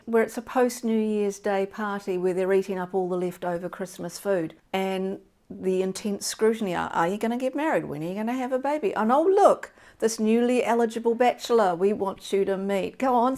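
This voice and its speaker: A woman's voice: mid-range voice, darkish tone. A woman in her fifties, hosting a casual book discussion in a frank, wry and blunt way, swearing freely. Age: 50s. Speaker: book show host.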